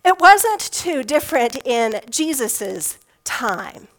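A woman's voice: high-pitched, very animated, slow pace, poor audio. A woman pastor preaching a sermon in a conversational storytelling way, with touches of folksy humor.

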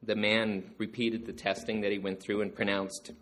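A man telling stories about his father to a gathering, animated and acting out the jokes. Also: lowish voice, normal speed, slight background noise. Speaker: storyteller remembering his father. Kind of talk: storytelling to a gathering.

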